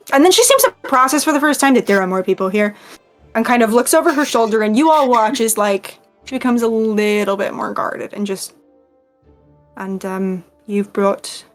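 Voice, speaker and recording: A woman's voice: mid-range voice, normal speed, faint music behind. A woman running a tabletop game, narrating loosely with many fillers. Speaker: game master.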